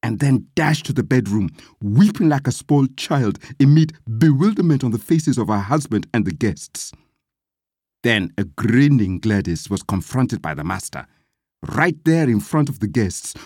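A narrator reading a story aloud with lively, dramatic delivery. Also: medium pitch, moderate pace, husky, no room sound, clean studio sound.

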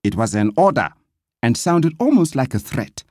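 A narrator reading a story aloud with lively, dramatic delivery. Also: mid-range voice, normal speed, no room sound.

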